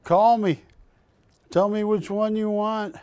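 On a live shopping broadcast, an older man jokes and chats his way through a sales pitch, pressing deals hard. He speaks slowly in a high, steady, somewhat mellow voice. The lapel-mic studio recording carries no room sound.

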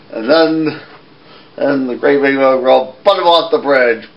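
A man's voice: mid-range voice, moderate pace, dull audio. A man puppeteer telling fairy tales casually, rambling and restarting his lines. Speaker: puppeteer storyteller. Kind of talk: casual storytelling.

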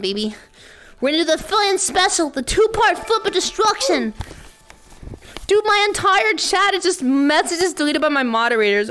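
A woman streamer chatting casually with her live viewers, excitable and laughing often, with mock-exasperated outbursts. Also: a little high. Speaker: VTuber streamer.

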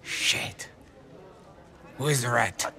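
A volatile gravelly mob boss. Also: male voice, medium pitch, drawn-out words, sharp tone, full character voice. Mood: wary. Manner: menacing, erratic, barking orders. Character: volatile paranoid male crime boss, middle-aged.

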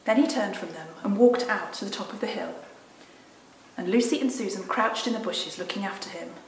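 A woman, a children's Sunday school leader, gently and expressively reading a storybook aloud. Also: medium pitch, fairly quick, creaky, reverberant, a little hiss or hum, poor audio.

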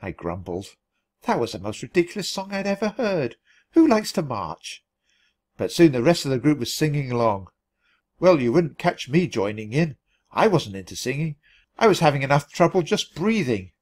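A man reading a children's storybook aloud at natural speed for language learners, clear and expressive. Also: on the high side, normal speed. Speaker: storybook reader.

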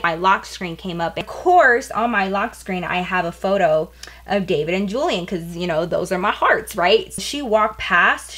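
A young woman beauty vlogger tells a story in a loose, chatty way while she gets ready. She is animated and blunt, and she fills her sentences with "like" and casual slang. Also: medium pitch.

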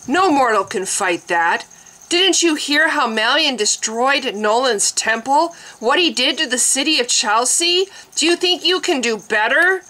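A woman's voice: animated, a little slow, bright, forceful tone, exaggerated voice, rough recording. Woman doing a frantic fanatical priest. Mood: scornful. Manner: wild-eyed, shrill outbursts. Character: agitated fanatical male priest.

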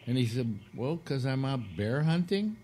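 A man's voice: mid-range voice, sing-song, normal speed, warm tone, a little hiss or hum. A man hosting a casual radio talk show, telling a long crude joke with acted-out quotes. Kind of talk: casual radio chat, storytelling.

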